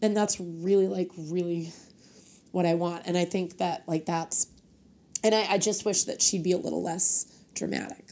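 A woman's voice: on the low side, steady tone, normal speed, darkish tone. Frank young woman on a podcast. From North Carolina. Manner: frank and heartfelt, heavy with filler "like". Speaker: singer and guest. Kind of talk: candid podcast conversation.

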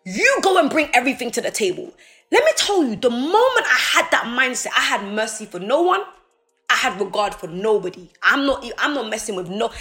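A woman delivers a live-streamed motivational talk, preachy and pleading by turns. Her voice sits fairly high, and soft music plays faintly behind her. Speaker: motivational speaker. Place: indoors, streaming.

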